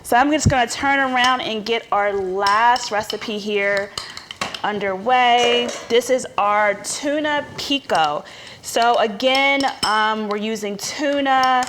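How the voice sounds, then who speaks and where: A woman's voice: a little high, slow, background noise. A woman chef giving a cooking demonstration, explaining each step in a chatty, instructive way.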